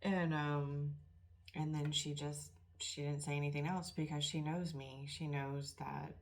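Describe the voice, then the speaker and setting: Low-pitched woman doing a chatty tarot reading, teary and emotional, soft rambly talk. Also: little pitch movement, measured pace. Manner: emotional, tearful and soft-spoken. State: close to tears. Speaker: tarot reader. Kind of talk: casual spiritual tarot reading.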